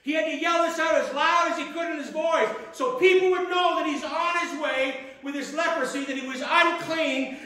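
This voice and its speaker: Man, pastor, sermon, high bright voice, dramatic storytelling, very echoey church. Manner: storytelling, dramatic retelling with emphatic pauses. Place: church sanctuary.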